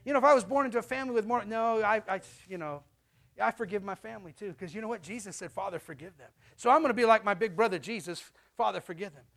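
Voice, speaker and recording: High-voiced preaching man. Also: fast talker. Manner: animated storytelling, acting out voices and laughing. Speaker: pastor. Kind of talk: sermon.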